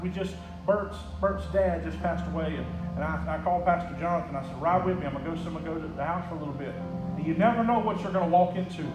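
A man preaching a sermon as pastor, swinging between hushed, intimate lines and loud, ringing calls. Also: high-pitched. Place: church sanctuary. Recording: echoey church hall with music behind. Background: music.

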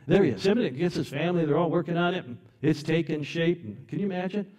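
Guy preaching a sermon in church, kinda high voice, really animated, goes quiet then booms. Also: quick pace, few pauses. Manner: animated dramatic storytelling, big swings in loudness.

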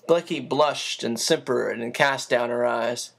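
Audiobook reader, children's novel, creaky texture, even storytelling pace. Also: medium pitch, measured pace, hardly any pauses. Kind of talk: reading a children's novel aloud.

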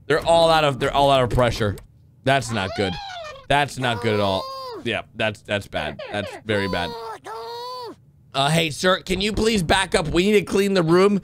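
Excitable man yelling reaction commentary. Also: fairly high pitch, noisy background. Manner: animated, swings between yelling and muttering. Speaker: gaming commentator reacting to animations.

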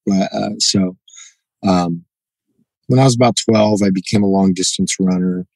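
A man's voice: sits low, moderate pace, no echo, rough recording. A middle-aged man telling a story as a podcast guest, acting out the dialogue and often tossing in "you know" and "right?". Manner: animated, acts out quoted dialogue, frequent "you know" and "right?". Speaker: podcast guest, jiu-jitsu black belt. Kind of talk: casual storytelling interview.

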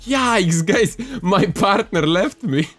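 Excitable young man narrating gameplay. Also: medium pitch, moderate pace, soft background music. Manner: excitable, joking, playful exclamations. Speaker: gaming youtuber. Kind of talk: casual gameplay commentary.

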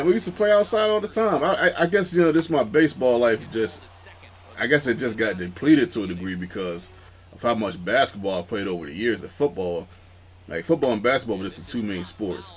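A young man running a gaming channel chats calmly through gameplay commentary, rambling along with many fillers. His voice sits in the mid-range.

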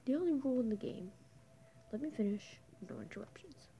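A woman's voice: fairly high pitch, expressive, a little fast, vocal fry, mellow, poor audio. Woman putting on a taunting Australian drifter. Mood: menacing. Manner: mocking, drawling, mostly whispered. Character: grizzled homeless drifter man, taunting and unhinged. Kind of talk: voicing game dialogue aloud.

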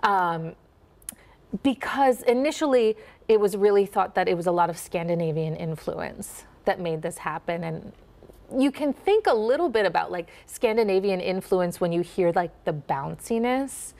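Gravelly-voiced woman with a Minnesota accent. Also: fairly low pitch, normal speed. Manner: animated, demonstrates vowel sounds. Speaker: accent and dialect coach. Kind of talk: casual interview.

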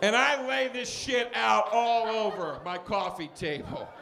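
A man performing a stand-up comedy set in a club, telling a story with shouted punchlines and acted-out characters, with the audience laughing. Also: high-pitched, lively intonation, unhurried, gravelly. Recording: live club recording with crowd noise.

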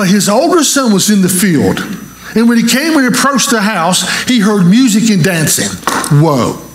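Pastor, male, high voice, animated sermon delivery, quizzes the congregation, roomy church echo. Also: slight background noise. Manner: animated, asks the congregation questions.

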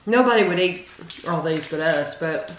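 This channel host is a woman with a deep voice who speaks at a moderate pace with lively intonation. In a relaxed taste-test video, she rambles and chats eagerly about different candy flavors, captured in a roomy space with a little background noise.

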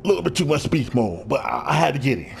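A man talks over his gameplay in loose, slangy, trash-talking commentary. His mood swings between cocky hype and frustration. His voice sits at an ordinary middle pitch, with a faint hiss of noise behind it. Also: big pitch swings, fast talker, creaky. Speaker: gaming YouTuber.

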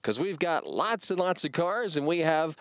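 A man pitching a car dealership, with emphatic, salesy delivery and drawn-out slogans. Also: very animated, fairly bright tone, no room sound, clean studio sound. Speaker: commercial spokesman.

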